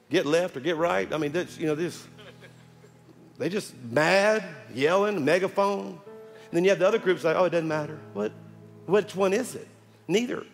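A man preaching a sermon as pastor, building to loud calls at the congregation. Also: a little high. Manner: preaching with rising shouts to the congregation. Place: large church sanctuary. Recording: long hall reverb with music underneath.

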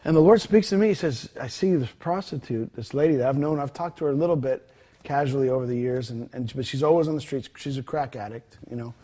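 A man's voice: mid-range voice, quick pace, mellow. A man telling a ministry story in a conversational interview, retelling the dialogue with many fillers and restarts. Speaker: guest telling a ministry testimony.

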